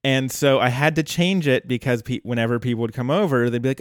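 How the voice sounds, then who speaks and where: A man hosting a podcast, casually retelling a cartoon episode at length in a relaxed storytelling manner. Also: mid-range voice, fast, hardly any pauses, no room sound, clean studio sound. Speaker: podcast host.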